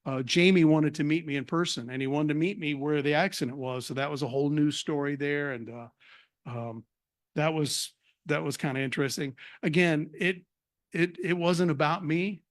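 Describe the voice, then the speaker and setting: Middle-aged guy telling his faith story, earnest, lots of ums, fairly high voice. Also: fairly even intonation, normal speed. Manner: earnest storytelling with many fillers and restarts. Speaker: actor sharing a faith story. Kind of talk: personal testimony talk. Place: cafe event.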